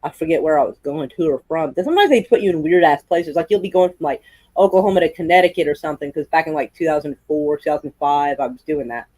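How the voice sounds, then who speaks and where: A woman's voice: sits low, fast talker, dark tone, no echo, poor audio. A woman hosting a livestream at home, chatting casually, swearing and laughing a lot. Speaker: livestream host. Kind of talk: casual chat. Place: indoors at home.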